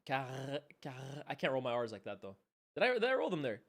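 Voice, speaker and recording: A young man from Canada streaming a football watchalong, chatting casually in slang with loud reactions and quiet muttered asides. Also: medium pitch, huge pitch swings, racing. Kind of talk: live match watchalong commentary.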